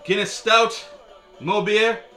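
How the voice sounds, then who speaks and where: Joking beer review guy, bright voice, faint music behind him. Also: high-pitched, fairly even intonation, takes it slowly. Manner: chatty, joking, with frequent filler; wry and sarcastic. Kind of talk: casual video review.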